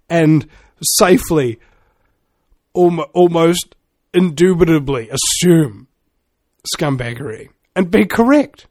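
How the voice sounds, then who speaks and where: Animated sardonic man. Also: on the high side, dry recording, studio quality. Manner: sardonic, theatrical, laughs at his own lines. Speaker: commentator. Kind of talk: rambling monologue.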